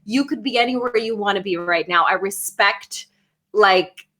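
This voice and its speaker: A woman in her thirties, a former news anchor, chatting as an interview guest, quick and laughing often. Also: mid-range voice. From Pittsburgh. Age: 30s. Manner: warm laughing, quick effusive talk. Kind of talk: casual interview chat.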